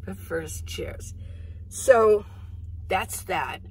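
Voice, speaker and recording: A woman's voice: medium pitch, drawn-out words, a little mellow, breathy edge, rough recording. A middle-aged woman hosting a casual, rambling coffee-chat vlog from her minivan. She laughs often as she talks. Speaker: vlogger. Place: inside a minivan.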